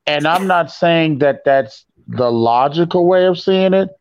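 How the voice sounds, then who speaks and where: Slow, deliberate man on a dull, dry mic. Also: fairly high pitch, clear, resonant tone, dry recording. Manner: slow, deliberate reasoning with joking asides. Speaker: podcast co-host. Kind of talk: casual podcast chat. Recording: dull lo-fi recording.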